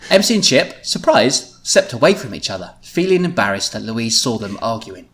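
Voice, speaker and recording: Uomo britannico che ride spesso. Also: male voice, mid-range voice, sing-song, moderate pace, fairly bright tone. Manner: giggly, laughs often at his own writing. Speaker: podcast host reading his teenage writing. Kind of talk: comedic podcast read-through.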